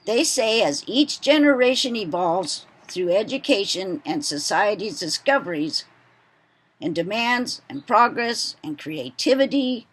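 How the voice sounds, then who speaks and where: A woman giving a read-aloud presentation, talking slowly and deliberately with lively intonation. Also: medium pitch, slightly rough.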